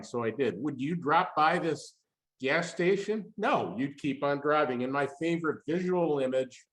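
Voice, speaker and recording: A man giving a webinar talk on employee engagement, emphatic and punchy, firing off rhetorical questions. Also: medium pitch. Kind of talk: webinar presentation. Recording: roomy echo.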